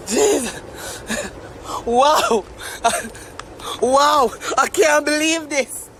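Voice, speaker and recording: A man's voice: very high-pitched, lively intonation, very slow, long pauses, sharp tone, slight background noise. A young Jamaican man ranting on a live stream, mock-tearful and theatrical. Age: young adult. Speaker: social media commentator.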